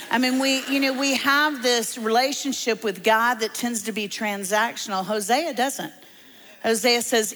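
A woman's voice: a little high, normal speed, fairly bright tone. A woman preacher who tells her sermon as a humorous story full of asides. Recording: long hall reverb.

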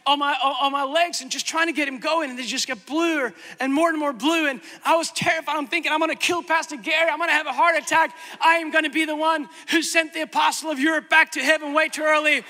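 A male preacher tells a funny story about himself in an animated, dramatic way. His voice sits very high and sounds strikingly bright and sharp. It rings out with the long reverb of a big hall. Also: fast, few pauses. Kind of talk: sermon with comic storytelling.

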